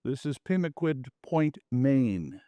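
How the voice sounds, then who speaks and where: A man's voice: mid-range voice, big pitch swings, slow, no echo, lo-fi sound. A man chats his way through a slide talk about his photos in a folksy, joking way. His voice is close and dry, with no room sound around it. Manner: chatty, folksy asides and jokes. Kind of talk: casual presentation to a small audience. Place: community meeting room.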